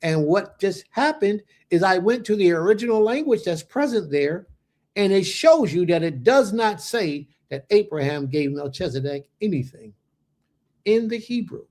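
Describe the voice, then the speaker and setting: Here a male Bible teacher talks to his livestream audience as if chatting with friends, using plenty of slang. The voice is high-pitched and animated, moving at a moderate pace with a darkish tone.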